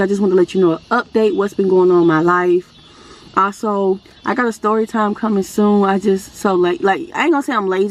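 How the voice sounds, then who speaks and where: A woman vlogger talking straight to her viewers in a casual, unscripted update. Her voice sits at a middling pitch, and she rambles earnestly, often restarting her sentences. She calls her audience y'all and speaks with firm religious conviction.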